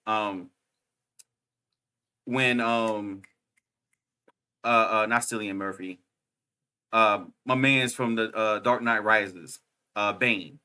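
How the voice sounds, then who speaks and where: A young man co-hosting a casual podcast chat, excitable and slangy, laughing often and saying "bruh" a lot. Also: fairly low pitch, slow, long pauses, clean tone. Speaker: podcast co-host.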